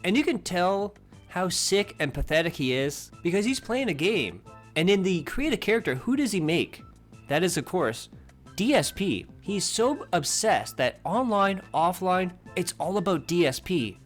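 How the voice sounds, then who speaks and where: Scornful male commentary host, high, lively voice with wide pitch swings. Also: moderate pace, soft background music. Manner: scornful, mocking. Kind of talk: narrated commentary.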